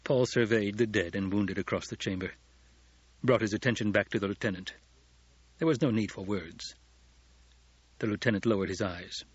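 A man narrating a novel as an audiobook, in steady storytelling. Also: on the low side, moderate pace, long pauses, husky, no room sound. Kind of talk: scripted narration. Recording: dull lo-fi audiobook recording.

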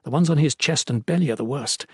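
A man voicing a brisk, practical half-elf woman healer who gives firm, commanding orders. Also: fairly low pitch, sing-song, darkish tone, husky, no echo, clean studio sound, voice pushed up. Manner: firm, commanding, dryly teasing.

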